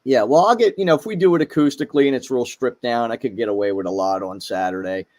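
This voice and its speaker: A middle-aged man talking as a podcast guest, halting, with many fillers and restarts. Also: mid-range voice, a little mellow. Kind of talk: casual chat.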